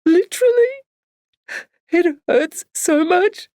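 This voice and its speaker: A woman's voice: lively intonation, dry recording, clean studio sound. A woman doing a sobbing grief-stricken friend. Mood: grieving. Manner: high, trembling, slow sobbing delivery. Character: grieving woman friend, tearful and raw.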